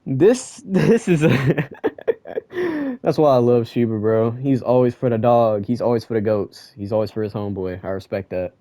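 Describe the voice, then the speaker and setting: A young man giving a casual manga chapter review, ranting and excitable and full of slang. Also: on the low side, brisk, few pauses, no room sound.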